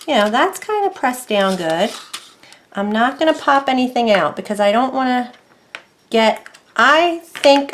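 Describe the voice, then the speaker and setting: A woman's voice: medium pitch, slight background noise. A woman narrating a casual craft tutorial from her desk at home, chatty and self-deprecating, thinking aloud as she works.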